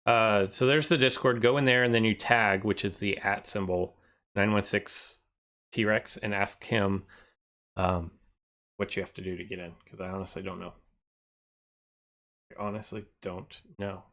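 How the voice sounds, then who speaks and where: Slow, low-voiced man streaming casually. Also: fairly even intonation. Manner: rambling, thinks aloud, often trails off quieter. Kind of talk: casual live-stream chat.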